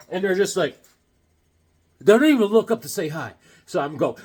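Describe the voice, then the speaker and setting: A man chatting casually about his comic book haul, animated and jokey, slipping into silly voices. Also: high voice, fairly quick, long pauses, husky. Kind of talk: casual chat.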